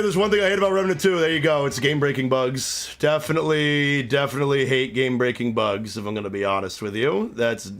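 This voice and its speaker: Male streamer, mid-pitched, swears freely, reacts to chat in live gameplay commentary. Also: fairly bright tone. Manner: profane, exasperated, chatting with viewers. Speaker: game streamer.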